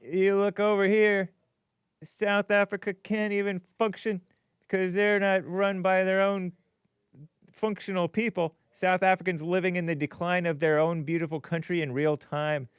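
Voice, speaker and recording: A man's voice: high-pitched, little pitch movement, unhurried, clean tone, no echo. A man hosting a rambling commentary show, talking casually with a wry, sarcastic edge. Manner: laughs at his own remarks. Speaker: host.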